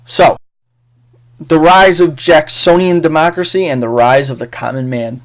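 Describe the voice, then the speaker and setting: A man's voice: a little high, measured pace. A man teaching a casual history lecture in a chatty, jokey way with frequent fillers. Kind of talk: casual recorded class lecture.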